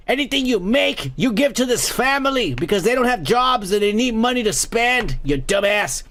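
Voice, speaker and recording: A man's voice: extremely high pitch, big pitch swings, moderate pace, few pauses, fairly bright tone. A man hosting a comedy podcast, ranting crudely about the news and raising toasts while drinking. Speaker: podcast host. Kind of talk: profane comedic news rant.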